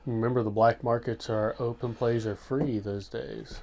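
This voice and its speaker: A man's voice: medium pitch, fairly even intonation, moderate pace, creaky, darkish tone, a little hiss or hum. A man with an American accent, co-hosting a casual podcast, joking and laughing often while eating hot sauce. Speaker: podcast co-host.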